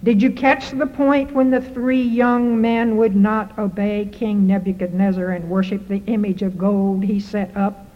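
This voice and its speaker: A woman with a medium-pitched voice preaches a sermon in a flat, measured way, hammering her points with repeated rhetorical questions. The hall recording is muffled and reverberant.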